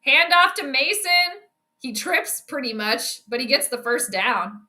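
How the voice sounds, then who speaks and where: Woman, young, casual live football commentary, chatty, bright voice, highish. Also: animated, a little slow. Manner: chatty, reacts loudly to plays, talks to viewers. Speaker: astrology sports streamer.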